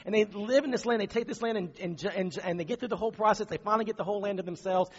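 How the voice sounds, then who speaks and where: A man preaching a conversational, animated sermon, often asking rhetorical questions. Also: high-pitched, racing, slightly rough. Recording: dull recording in a reverberant hall.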